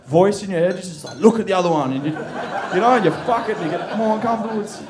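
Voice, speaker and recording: A man's voice: sits high, quick pace, a little hiss or hum. A man doing a rambling, profane stand-up set on a comedy club stage. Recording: roomy club with loud crowd laughter.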